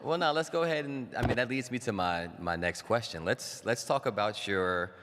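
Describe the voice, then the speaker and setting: A man hosting a convention panel interview, playful and quick to joke. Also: mid-range voice, a bit bright. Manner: playful, laughs easily, quick jokes. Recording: long convention hall reverb.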